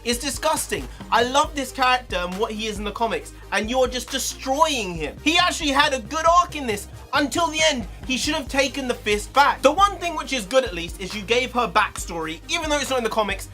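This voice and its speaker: A man, ranting heatedly in a review vlog, swearing, his pitch swinging up and down. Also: lively intonation, fairly quick, few pauses, bright, forceful tone, faint music behind. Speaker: video reviewer.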